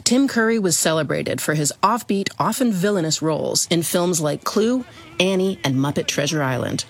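Slightly high male feature reporter. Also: lively intonation, gravelly. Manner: measured feature narration. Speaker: correspondent. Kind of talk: scripted news feature.

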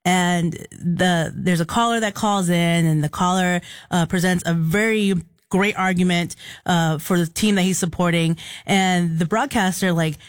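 A woman's voice: lowish voice, a little slow, no echo, clean studio sound. A woman co-hosting a radio show, telling amused stories in casual chat. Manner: storytelling, lively and amused. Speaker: radio co-host.

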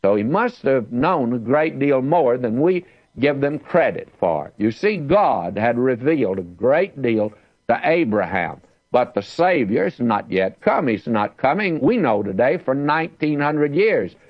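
A man's voice: medium pitch, big pitch swings, measured pace, no room sound, dull audio. A man teaching the Bible verse by verse, reading scripture aloud with emphasis.

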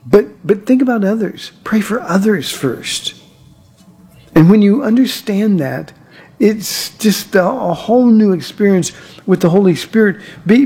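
A man delivers a sermon as pastor in an earnest, storytelling way, often doubling words as he speaks. His voice is husky with a mellow, warm tone. He leans on personal anecdotes to make his points. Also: high voice. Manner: earnest preaching with frequent word repeats and told anecdotes.

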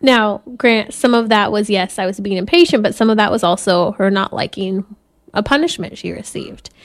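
A woman who is a Catholic speaker and mother, giving an earnest, measured spiritual talk and sometimes laughing softly. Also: medium pitch.

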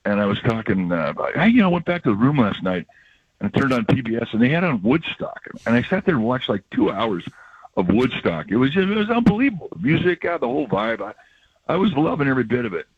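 An older male baseball broadcaster chatting on the radio, reflective and rambling, with a husky voice. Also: medium pitch, sing-song, fast, dry recording. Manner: reflective, rambling storyteller with laughs. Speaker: baseball broadcaster, regular guest. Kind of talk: emotional casual radio chat. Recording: dull lo-fi radio audio.

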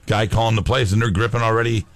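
Here a lowish male voice speaks quickly with fairly even intonation. As a sports radio co-host, he's casual and playful, bantering with his co-host and throwing in put-on accents.

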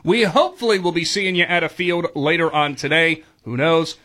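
A man's voice: fairly high pitch, normal speed, bright, forceful tone. A man co-hosting a sports radio show, playful and joking with his partner. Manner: playful, jokey, does silly voices.

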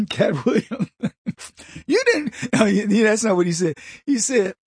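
Animated husky talk radio man. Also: high voice, a little slow, no room sound, clean studio sound. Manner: animated, mocking put-on voices, frequent restarts. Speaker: radio talk show host. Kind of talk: political talk radio monologue.

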